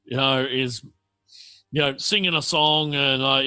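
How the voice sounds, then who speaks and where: A man's voice: medium pitch, fairly even intonation, measured pace, sharp tone, clean tone. A man narrating a tabletop game as game master, rambling along with lots of fillers and restarts.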